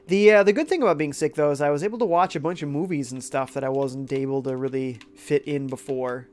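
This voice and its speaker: A man's voice: a little high, quick pace, few pauses, a little mellow. A young man with a congested, sick-sounding voice, casually chatting while playing a game and reading out viewer comments. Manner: laid-back, reads chat aloud. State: congested from a cold. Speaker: game streamer.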